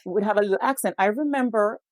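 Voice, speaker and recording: A middle-aged woman from Jamaica with a Jamaican accent, a guest who speaks in a measured, explanatory way. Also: medium pitch, no echo. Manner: measured, explanatory, light laughter in anecdotes. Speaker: education scholar guest. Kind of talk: explanatory interview answers.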